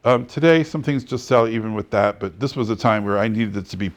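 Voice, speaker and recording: Animated male real estate instructor. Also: on the low side, brisk. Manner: animated storyteller who acts out dialogue and laughs often. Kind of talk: classroom lecture with anecdotes.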